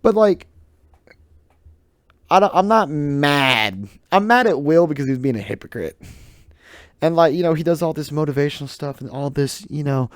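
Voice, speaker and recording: A young man talking solo into his podcast mic, rambling from thought to thought with jokes and strong opinions. His voice runs a touch higher than most men's, and the recording is dry and close with no room echo. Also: expressive, moderate pace, long pauses. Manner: rambling, joking, loose and opinionated. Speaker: podcast host. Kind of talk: casual solo podcast monologue.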